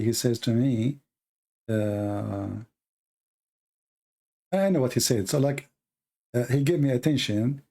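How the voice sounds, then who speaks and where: A man whose first language is Arabic tells stories and argues in broken English, animated and laughing. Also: medium pitch. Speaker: host. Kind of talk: casual storytelling and polemic.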